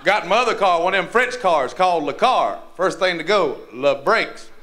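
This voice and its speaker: A man with a North Carolina Southern accent doing a crude stand-up set, with a rough, profane, drawling punchline delivery. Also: high voice, lively intonation, normal speed. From North Carolina, USA. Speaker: stand-up comedian. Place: comedy club stage. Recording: live club with crowd laughter and noise.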